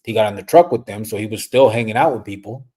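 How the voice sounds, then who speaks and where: A middle-aged man hosting a casual livestream, rambling and relaxed, dropping Spanish slang as he reads comments. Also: fairly low pitch, fast, breathy edge. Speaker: livestream host.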